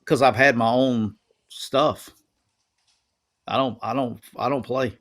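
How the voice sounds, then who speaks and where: A man's voice: medium pitch, slow. Rambling man spinning a yarn. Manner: animated, rambling storyteller who repeats himself. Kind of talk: casual storytelling chat.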